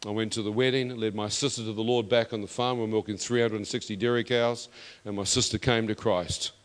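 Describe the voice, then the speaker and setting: A man preaching a testimony sermon, emphatic and building to loud declarations. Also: lowish voice, little pitch movement, a little fast. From New Zealand. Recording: long reverb of a hall.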